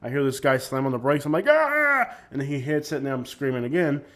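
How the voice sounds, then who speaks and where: A man talks through his own vlog footage in a loose, unscripted way. He rambles and gives his opinions freely, and he often stops to restart a sentence. His voice sits at an ordinary, mid-range pitch for a man. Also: fairly even intonation, quick pace. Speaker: vlogger. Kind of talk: casual vlog narration over driving footage.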